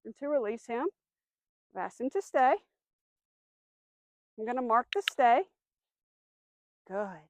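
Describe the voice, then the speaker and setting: A woman dog trainer giving a demonstration outdoors, explaining steps clearly, giving firm commands and soft praise to the dog. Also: fairly high pitch, expressive, takes it slowly, pauses often, a little hiss or hum.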